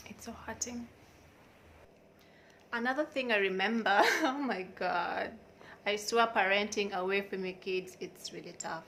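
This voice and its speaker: A woman's voice: mid-range voice, slow pace, long pauses, sharp tone, slight background noise. A young woman tells a personal story in a candid vlog, in an emotional, confiding and outspoken way. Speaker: vlogger.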